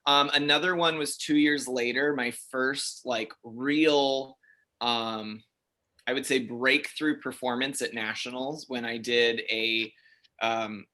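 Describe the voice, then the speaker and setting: A man in his thirties, an interview guest, telling stories in a chatty, animated way with many fillers. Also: mid-range voice. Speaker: interview guest, figure skater. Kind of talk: casual interview storytelling.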